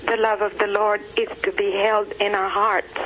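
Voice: mid-range voice, flat delivery, noisy background. Caller reciting a poem over a dull phone line. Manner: hesitant, then measured and recited. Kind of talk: phone call reading a poem.

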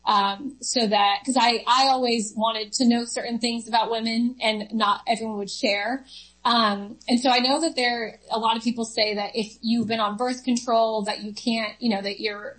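A woman's voice: on the high side, a bit bright, poor audio. A woman telling a personal story as a guest in a conversation, chatty, laughing often and full of fillers. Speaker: interview guest.

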